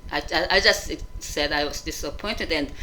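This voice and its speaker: A woman with a bright, forceful voice speaks in a casual monologue. She talks in halting bursts, full of fillers and restarts. She stays frank and emotionally open throughout. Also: low-pitched, slight background noise, low-quality recording. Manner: frank and emotional when retelling. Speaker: vlogger.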